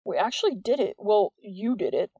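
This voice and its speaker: A woman's voice: mid-range voice, lively intonation, normal speed, warm tone, slightly rough, no echo. A woman reading the part of an earnest, worried teenage boy in an audiobook, with urgent, anxious questions. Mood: dazed.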